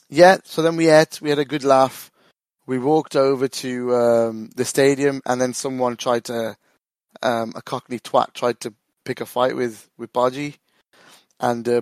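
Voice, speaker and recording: A man's voice: mid-range voice, flat delivery, unhurried, no echo. A man chatting casually as a podcast co-host, rambling, swearing and laughing often. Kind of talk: casual football chat.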